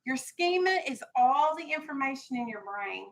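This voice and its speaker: A woman's voice: sits high, animated, normal speed, rough recording. A woman teaching a classroom vocabulary lesson, firm and explanatory, stressing key words.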